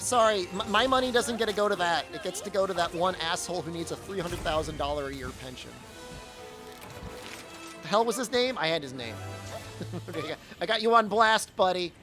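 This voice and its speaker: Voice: mid-range voice, moderate pace, over music. A game streamer chatting casually on a live stream, ranting in a mock-angry way and laughing often.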